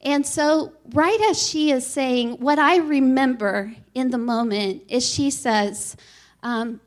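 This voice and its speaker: High-voiced woman telling a testimony. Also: slow. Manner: earnest, animated storytelling. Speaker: speaker sharing a testimony. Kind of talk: church testimony talk.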